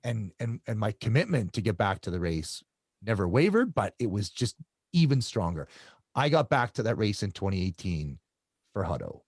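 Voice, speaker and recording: Middle-aged man, interview guest, deeper voice with a lot of swing, stop-start delivery, dry close sound. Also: big pitch swings, a little mellow, slightly rough, no room sound. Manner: halting, repeats words, restarts often. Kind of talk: casual interview storytelling.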